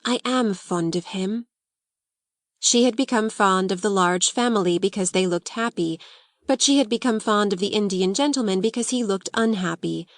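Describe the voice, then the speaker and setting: A woman narrates a classic novel in a measured audiobook style. Her voice sits at a middle pitch. The recording is dry, with no room echo. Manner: measured storytelling. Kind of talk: scripted narration.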